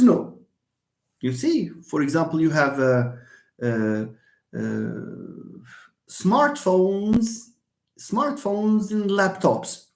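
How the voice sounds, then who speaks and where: A man's voice: a little high, mellow. Man teaching English online. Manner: explains patiently, repeats examples, answers students by name. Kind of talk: live online lesson. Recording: echoey room.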